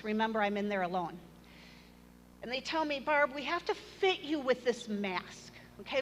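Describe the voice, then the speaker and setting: A middle-aged woman, a church member, shares her personal testimony in a church hall, earnest and storytelling with a touch of self-deprecating humor. Her voice is a little high and a bit bright. The recording carries long hall reverb and faint room noise.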